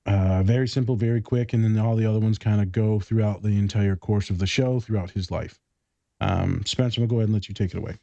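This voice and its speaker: A man's voice: lowish voice, fairly even intonation, fast talker, creaky, mellow, dry recording, lo-fi sound. A man co-hosting a podcast in casual chat, joking and rambling, swearing casually. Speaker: podcast co-host.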